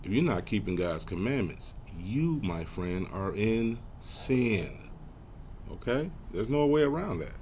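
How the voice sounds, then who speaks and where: A man with a lowish voice gives a Bible study lesson, talking straight to his listeners in a casual way. He drags out scripture readings slowly, then jumps up high in animated asides. Short tag words at the ends of his phrases fade down to almost nothing, with a faint hum of ambient noise behind him. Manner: slows right down to read scripture aloud; lively pitch jumps with soft trailing tag words. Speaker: Bible teacher.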